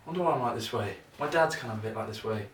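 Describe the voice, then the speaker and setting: A young man vlogging casually while he practises juggling, thinking out loud in a rambling, self-mocking way. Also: medium pitch, very fast. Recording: echoey room, mic at a distance, noisy.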